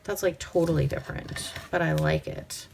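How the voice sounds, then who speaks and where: Talking at normal speed in a low, steady, creaky voice, this Pacific Northwest woman hosts a casual crafting vlog. She chats to her viewers and herself as she works, now and then sinking to a whisper, with slight background noise behind her.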